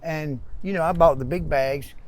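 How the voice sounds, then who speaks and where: Man, American, rambling storyteller, repeats himself, slightly high voice, outdoors, faint background ambience. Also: moderate pace, a little hiss or hum. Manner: rambling, repeats words, animated retelling. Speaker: interviewee telling his story. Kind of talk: casual storytelling. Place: outdoors in a park.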